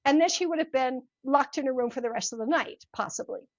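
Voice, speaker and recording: A woman's voice: high voice, brisk, no room sound, highs cut off. An older woman, a mindset coach, telling a personal story in an interview and acting out the voices in it. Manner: animated, acts out voices in her stories. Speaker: podcast guest, mindset coach.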